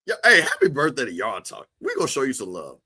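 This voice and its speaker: A man's voice: medium pitch, quick pace, breathy edge. A man hosting a casual livestream, joking and talking straight to his viewers in the chat. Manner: animated, joking, talks to chat. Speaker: livestream host.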